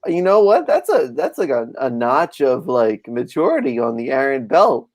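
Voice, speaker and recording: A man chatting on a podcast as a comic book artist, telling profane, animated stories. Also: mid-range voice, normal speed. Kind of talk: casual podcast chat.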